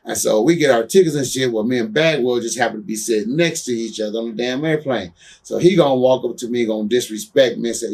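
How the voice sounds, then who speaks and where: Quick-paced and creaky, a mid-range male voice recorded from afar tells blunt, curse-filled stories as a guest in a shoot interview. The former pro wrestler leans on "you know what I'm saying" and grows heated recounting grudges.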